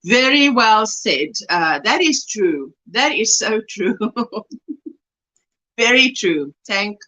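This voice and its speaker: A woman's voice: mid-range voice, big pitch swings, extremely slow, pushed and bright, rough recording. A South African woman hosting a casual livestream, reading viewers' chat messages aloud and answering them, laughing often as she talks. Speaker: livestream host.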